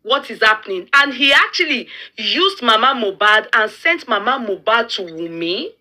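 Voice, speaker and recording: A Nigerian woman with a fairly high, bright voice argues in a heated opinion chat. She speaks emphatically and presses pointed questions. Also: very animated, moderate pace.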